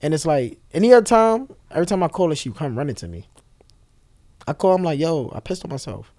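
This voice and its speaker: A young man, appearing as an interview guest, tells a personal story with candid, blunt language and some profanity, jumping between voices to act out the dialogue. His voice sits fairly high with big swings in pitch and a darkish tone, and there's no echo.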